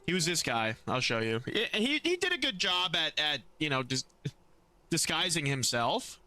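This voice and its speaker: This young man's voice sits on the high side at a moderate pace as he streams a game and casually chats with his audience. Music plays in the background while he animatedly answers chat, trailing off mid-thought and restarting.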